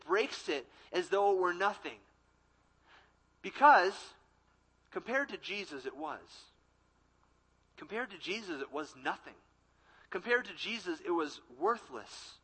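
A young adult man, a college ministry pastor, delivering a sermon with emphatic repetition and quick acted-out quotes. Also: high voice, sharp tone, low-quality recording.

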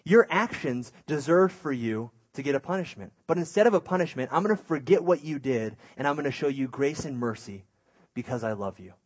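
A man quoting a calm, loving mother. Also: mid-range voice, brisk, slightly rough. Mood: gentle.

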